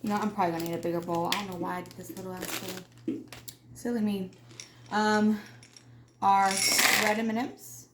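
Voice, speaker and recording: A woman hosts a casual cooking demo from her home kitchen, chatting freely and poking fun at herself. Her voice sits at an ordinary middle pitch. The room is echoey and noisy around her. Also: fairly even intonation, a little fast, long pauses. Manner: chatty, self-deprecating, addresses viewers as y'all. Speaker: cooking video host. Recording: echoey kitchen with loud background noise.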